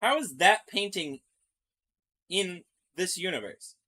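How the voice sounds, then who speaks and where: A man's voice: high voice, expressive, takes it slowly, pushed and bright. Man reading text aloud and reacting. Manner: reads on-screen text aloud, then comments. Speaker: streamer reacting to a video series. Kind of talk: live reaction with read-alouds. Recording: music playing behind the voice.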